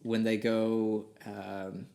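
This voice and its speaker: Calm man, podcast co-host. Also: fairly low pitch, drawn-out words, creaky. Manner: calm listener, short replies. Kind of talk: casual film discussion.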